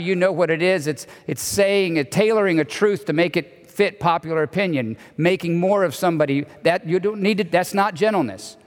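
A man preaching a sermon as pastor, animated, sometimes dropping to a soft hushed voice. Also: a little high. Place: church sanctuary. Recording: long reverb of a large hall.

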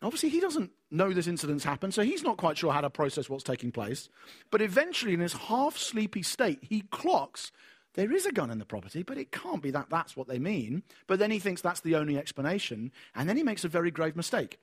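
A man preaching a sermon, telling stories in an animated way and acting out the voices of the people in them. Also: high-pitched, fairly quick, slightly rough.

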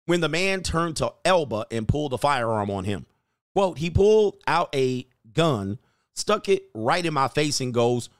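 A man's voice: medium pitch, no echo, clean studio sound. A man hosting a casual livestream, joking and reading news stories aloud in slangy talk. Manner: loud, joking, slangy, reads articles aloud. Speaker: livestream host.

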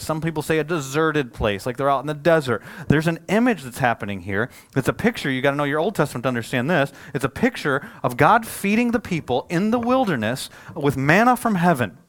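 A male pastor delivering a sermon in a fairly high voice, recorded dry and close with little room sound. He swings between rising, forceful emphasis and quiet, low asides, and he acts out the people he quotes. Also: big pitch swings, fairly quick, hardly any pauses, no room sound.

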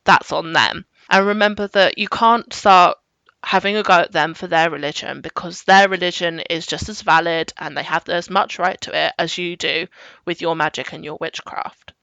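A woman's voice: fairly low pitch, fairly even intonation, moderate pace, bright, forceful tone, dry recording, dull audio. A woman hosting a solo advice podcast, talking in an earnest, reassuring way. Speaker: podcast host.

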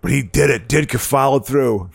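A man's voice: mid-range voice, moderate pace, vocal fry, breathy edge, no room sound, studio quality. A man co-hosting a casual comedic podcast, rambling with lots of fillers and restarts. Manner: rambling, many fillers, laughs easily. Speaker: podcast co-host.

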